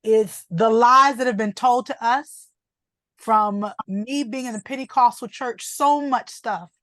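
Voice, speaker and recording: A woman's voice: on the high side, measured pace, fairly bright tone, no room sound, clean studio sound. A woman giving emotional, fervent testimony in a faith group question-and-answer session. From United States. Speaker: group member.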